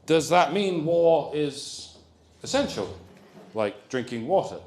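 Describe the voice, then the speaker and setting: Animated man giving a comic lecture. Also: a little high, slow. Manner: animated, jokey, rambling asides. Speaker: comedian giving a conference talk. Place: conference hall. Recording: roomy hall echo.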